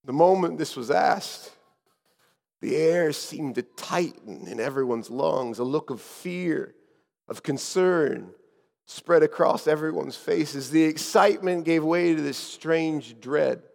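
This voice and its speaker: Man, preacher, high voice, dramatic first-person sermon story, hushed moments, echoey hall. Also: slow, creaky. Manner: dramatic, dropping to hushed tones.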